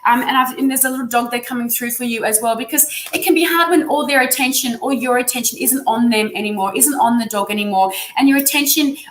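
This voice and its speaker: A woman's voice: a little high, fast talker, hardly any pauses, fairly bright tone, a little hiss or hum. A woman with an Australian accent giving effusive, encouraging tarot readings on a live stream. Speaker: tarot reader. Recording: echoey room sound.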